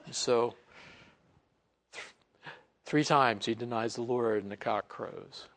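A man preaching a Bible lesson in a relaxed, conversational way, acting out quoted lines and chuckling as he goes. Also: medium pitch, takes it slowly. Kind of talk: sermon.

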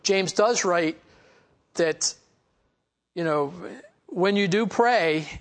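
A man's voice: high-pitched, drawn-out words. A man teaching a Bible study, reading passages aloud and commenting on them in a conversational way, with frequent "you know" asides.

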